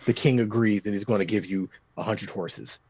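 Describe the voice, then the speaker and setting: A man chatting casually on a podcast, rambling with many restarts and getting animated when describing scenes. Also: lowish voice, normal speed, slightly rough, no echo. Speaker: podcast guest talking tabletop games. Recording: dry, slightly muffled podcast recording.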